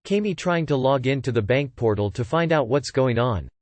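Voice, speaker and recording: A man narrating online posts aloud with an even, steady read-aloud delivery. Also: medium pitch, moderate pace, dry recording.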